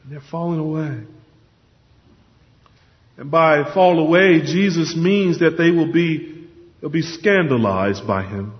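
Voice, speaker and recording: A man's voice: on the high side, lively intonation, a little slow, pauses often. Male preacher, sermon, emphatic, repeats himself for stress, muffled lo-fi recording. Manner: earnest, emphatic, repeats words when stressing a point. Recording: dull lo-fi sound with long hall reverb.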